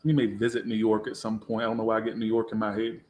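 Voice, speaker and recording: A man's voice: lowish voice, flat delivery, fast talker, a little mellow. A man giving a casual live tarot reading, talking in a blunt, sassy way with a lot of swearing. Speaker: tarot reader. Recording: echoey room.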